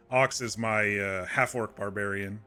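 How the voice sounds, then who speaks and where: Man, game streamer, low voice, bright tone, soothing, rambling chat, faint music behind. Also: clean tone. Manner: soothing, rambling with many restarts. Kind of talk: casual chat to stream viewers.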